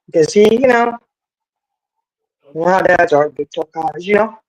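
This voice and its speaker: Someone with an ordinary mid-range voice chats their way through a family story at normal speed, folksy and lively, wandering into many little asides. The recording is close and dry with no room sound, and the audio quality is poor.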